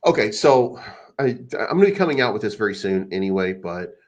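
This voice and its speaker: A low-voiced man rants in a loose, rambling way, crude and mocking as he hosts a crypto channel. His voice comes through a dull, lo-fi recording. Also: sing-song, brisk. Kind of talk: casual unscripted rant.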